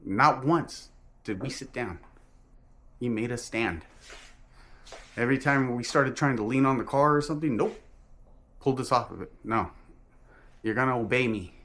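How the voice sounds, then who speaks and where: A man telling a personal religious testimony in an earnest, halting way, often restarting and correcting himself. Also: medium pitch, fairly bright tone. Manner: earnest and emphatic.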